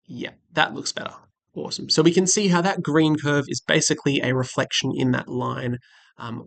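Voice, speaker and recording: A man's voice: medium pitch, creaky, fairly bright tone. A man walking through a maths exam question step by step, friendly and chatty with frequent ums, recorded at a desk while drawing with a stylus. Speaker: maths teacher. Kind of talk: screen-recorded exam walkthrough. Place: indoors at a desk, webcam and tablet setup.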